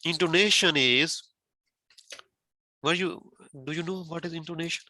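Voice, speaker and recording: A test prep teacher whose first language isn't English carefully teaches a student exam criteria, repeating points and asking questions. His voice is a little high, pushed, and bright, at normal speed, with no echo.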